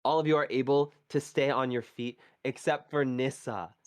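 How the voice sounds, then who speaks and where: A man narrating a tabletop game as game master on a live stream, halting and searching for words as he describes the scene. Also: medium pitch, fairly even intonation, smooth, no echo.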